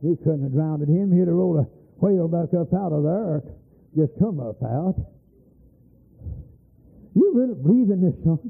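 Older preacher, husky and rough, swooping voice, folksy and fervent, on tinny old tape. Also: male voice, on the high side, animated, moderate pace, long pauses. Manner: impassioned, storytelling, folksy.

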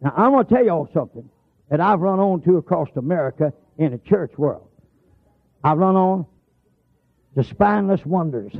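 A man's voice: a little high, animated, normal speed, long pauses. A man preaching a sermon, telling folksy stories and stretching out emphatic lines. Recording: tinny lo-fi broadcast sound.

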